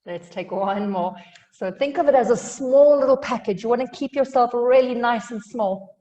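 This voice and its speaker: A woman teaching a yoga class, giving calm cues with light humor and sounding a little out of breath. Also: on the high side, normal speed, long reverb tail, highs cut off. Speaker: yoga instructor.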